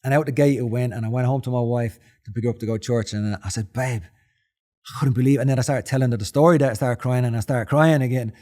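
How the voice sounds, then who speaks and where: A man's voice: medium pitch, quick pace, hardly any pauses. Emotional Irish man telling stories. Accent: Dublin Irish. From Ireland. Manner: emotional, animated storyteller who acts out his own quotes. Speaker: podcast guest. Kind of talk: casual interview storytelling.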